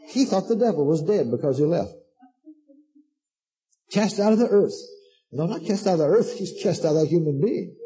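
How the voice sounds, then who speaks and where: A fervent male preacher with a high, husky voice, soft and mellow rather than bright. He speaks emphatically and repeats his lines, calling listeners "honey" and "darling" as he exhorts them. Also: expressive, normal speed, long pauses, faint music behind, low-quality recording. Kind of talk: sermon to a congregation.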